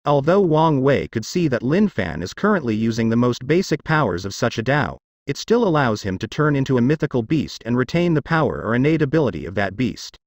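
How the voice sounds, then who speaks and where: A male audiobook narrator telling a fantasy web novel. His pitch moves freely across a wide range as he tells the story. The recording is dry, with no room sound. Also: very animated, normal speed, no room sound.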